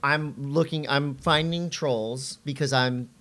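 A middle-aged man co-hosting a casual podcast, telling surf stories with animation and jumping into a high voice when he quotes people. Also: steady tone, slow pace, fairly bright tone. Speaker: podcast co-host and surf commentator.

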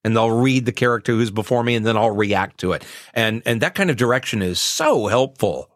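A man in his sixties, a voice actor, chatting in an interview in a relaxed, self-mocking way and laughing often. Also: on the low side, a little fast, no echo, clean studio sound. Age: 60s.

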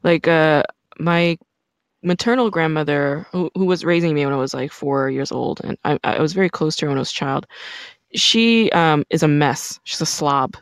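A woman's voice: low voice, normal speed, no echo, studio quality. A woman hosting a podcast, talking candidly in casual conversation, swearing freely and telling stories with energy. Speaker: podcast host.

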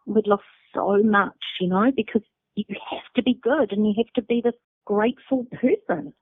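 A woman's voice: mid-range voice, normal speed, breathy edge, no echo. A middle-aged woman with a New Zealand accent, candidly telling her personal story as a guest and swearing freely. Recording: dry phone-like sound.

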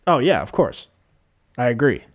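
A man's voice: medium pitch, big pitch swings, normal speed. A young man co-hosting a casual sports podcast. His talk is laid-back and full of joking, profane banter. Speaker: podcast co-host.

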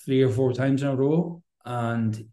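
A man's voice: mid-range voice, fairly even intonation, measured pace, dark tone, reverberant. A man, a podcast guest telling a candid personal story in a rambling, earnest, conversational way.

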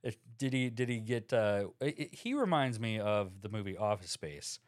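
A man's voice: lowish voice, animated, moderate pace, no room sound, studio quality. A man co-hosting a podcast, a tattoo artist in casual chat, laid-back and rambling with lots of fillers.

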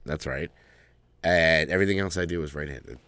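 A man's voice: very deep voice, a little fast, bright, forceful tone, smooth, no room sound. A man co-hosting a podcast, joking crudely and laughing often in casual banter. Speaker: podcast co-host.

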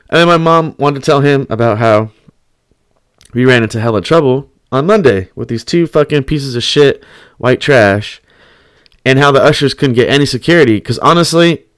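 A man's voice: medium pitch, clean tone, no room sound, clean studio sound. A young man telling a story in casual, profane, slang-heavy speech, laughing often.

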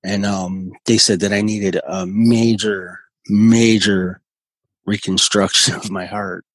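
A man in his forties, a guest telling his recovery story in a halting, earnest way with many restarts. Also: fairly low pitch, steady tone, husky, no echo, rough recording. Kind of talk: personal recovery story in conversation.

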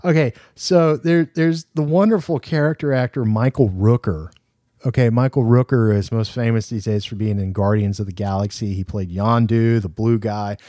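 A man co-hosting a podcast, talking in a chatty, animated, jokey way. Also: fairly low pitch, moderate pace, no echo, studio quality. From Louisiana. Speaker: podcast co-host. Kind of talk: casual chat.

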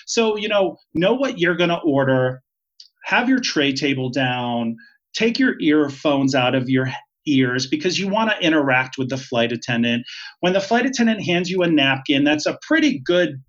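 A chatty, emphatic man speaks as a podcast guest. His voice is fairly high for a man. The recording is dull and lo-fi. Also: animated, normal speed. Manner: chatty and emphatic, laughs easily. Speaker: podcast guest, retired flight attendant. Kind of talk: casual interview. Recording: dull lo-fi sound.

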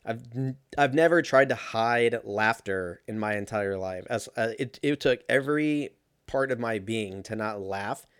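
A young man telling a casual story in a sarcastic, profane, animated way. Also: mid-range voice, unhurried, smooth, no echo, studio quality.

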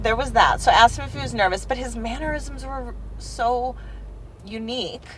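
A woman's voice: on the high side, moderate pace, fairly bright tone, poor audio. A woman co-hosting a podcast, chatting casually and swearing freely with many fillers, inside a moving car. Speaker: podcast co-host. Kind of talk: casual chat, telling a dating story. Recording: road noise from a car.

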